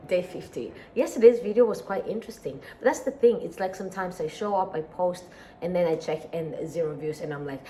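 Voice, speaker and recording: A sleepy woman with an East African accent rambles through a relaxed daily vlog. Her voice sits low and mellow, soft rather than bright. A faint hum of room ambience lies under it. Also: brisk. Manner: relaxed, rambling, sighs and laughs often. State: sleepy and tired. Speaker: daily vlogger. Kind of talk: casual chat.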